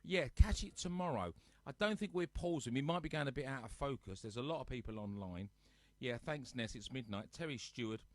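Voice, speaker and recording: A man's voice: mid-range voice, lively intonation, fairly quick, dry recording. Chatty man hosting a live stream. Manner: chatty, teasing, reads out viewer comments. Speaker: host of a live-streamed music show. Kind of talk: casual chat to live viewers. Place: at home on a sofa.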